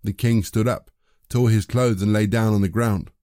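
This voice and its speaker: A man reads scripture in measured, even narration. His voice is dark and mellow and sits somewhat low. The recording is dry, with no room sound. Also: no echo. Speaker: scripture reader.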